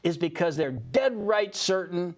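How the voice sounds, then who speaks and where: An older man co-hosting a radio talk show, arguing politics in an emphatic, mocking way and often cutting in. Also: high-pitched. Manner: emphatic, mocking, quick to interrupt. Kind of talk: opinionated political banter.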